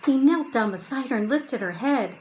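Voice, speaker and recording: A woman reading a children's chapter book aloud, slow and hushed at quiet moments and lifting her voice for drama. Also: a little high, expressive, a little hiss or hum, rough recording. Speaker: audiobook reader.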